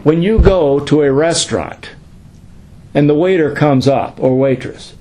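A man's voice: fairly high pitch, a little slow, mellow, rough recording. Man pastor teaching a class. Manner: conversational, asks questions and answers them.

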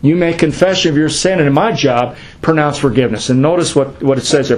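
A man's voice: fairly high pitch, fast, few pauses, poor audio. A middle-aged man, a pastor, teaching a class in a conversational way, asking questions and answering them himself.

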